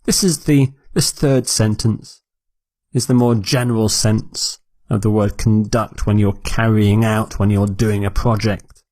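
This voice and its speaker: Slow, deliberate male vocabulary teacher. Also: fairly low pitch, steady tone, a little mellow, no room sound. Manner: repeats each word clearly for learners.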